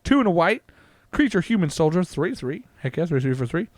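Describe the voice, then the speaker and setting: A man hosting a casual card-opening vlog, reading card text aloud in an excitable way, with frequent "uh"s and laughs. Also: on the high side, fairly quick, no room sound. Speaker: card-opening channel host.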